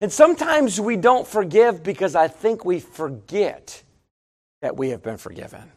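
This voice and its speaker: A middle-aged man preaching a sermon, shifting from chatty storytelling to loud, emphatic preaching. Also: sits high, big pitch swings, moderate pace. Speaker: pastor.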